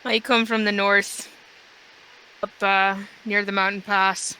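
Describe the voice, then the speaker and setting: Bright-voiced woman, calm tabletop player. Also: medium pitch, slow, a little hiss or hum, poor audio. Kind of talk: in-character tabletop role-play.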